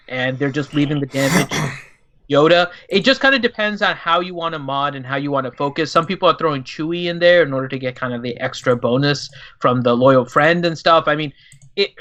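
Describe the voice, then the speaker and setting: A man's voice: medium pitch, a bit bright, highs cut off. A man co-hosting a casual gaming livestream, reading viewer questions and sometimes talking like a pirate. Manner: reads questions in a playful pirate voice. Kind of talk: casual livestream chat, mock pirate talk.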